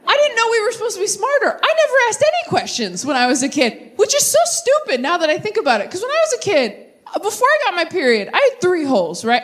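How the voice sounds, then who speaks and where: A young woman doing a stand-up set with crowd work, chatty and animated, drifting into tangents and catching herself. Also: extremely high pitch, quick pace. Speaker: stand-up comedian. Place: comedy stage before a live audience. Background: audience laughter.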